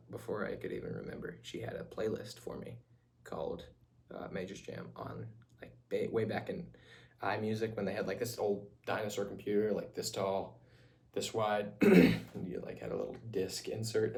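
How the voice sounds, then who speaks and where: A man's voice: lowish voice, moderate pace, vocal fry, a little mellow. A young man chatting to the camera in a casual vlog, rambling and laughing often, sometimes dropping into a whisper. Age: young adult. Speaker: vlogger.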